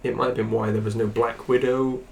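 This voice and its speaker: A man co-hosting a laid-back podcast. His voice has an ordinary middle pitch. He talks hesitantly, often searching for details he can't quite recall. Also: little pitch movement, fairly quick, gravelly, darkish tone, a little hiss or hum. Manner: hesitant, says he can't remember. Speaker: podcast co-host. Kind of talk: casual chat.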